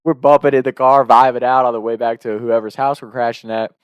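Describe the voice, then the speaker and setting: A man's voice: medium pitch, a little fast, lo-fi sound. Laughing young man telling a party story. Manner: animated, laughing, acts out voices loudly. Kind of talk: casual anecdote.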